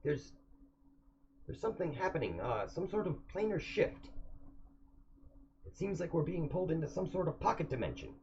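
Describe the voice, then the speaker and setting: A man's voice: fairly high pitch, big pitch swings, normal speed, pauses often, darkish tone, voice pushed up. A man voicing a jittery male ship's officer who stammers when alarmed. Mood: panicked. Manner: stammering, frantic. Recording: dull lo-fi recording, faint hiss.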